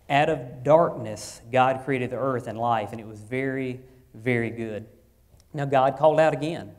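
A pastor delivers his sermon in a medium-pitched man's voice. He leans into key phrases with rising force, then settles back to a quieter, plain tone, often restarting his words as he goes. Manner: earnest preaching, swells louder then drops low, with repeated restarts.

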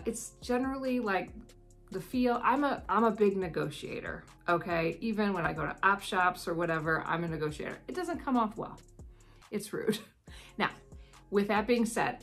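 A woman's voice: on the low side, a bit bright. An American woman vlogging casual advice in a chatty, rambling way, laughing often. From United States.

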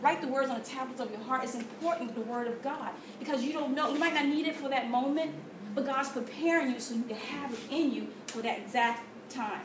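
Woman with a high voice sharing an animated testimony, recorded from far off in a roomy space. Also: a little fast. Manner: animated storytelling with gasps and quoted prayers. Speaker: testimony speaker. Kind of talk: church testimony. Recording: echoey room from far off with noise.

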